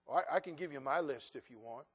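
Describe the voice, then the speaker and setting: A man preaching a sermon as pastor, telling a story with soft asides and then loud, emphatic stretches. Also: mid-range voice, fast, breathy edge.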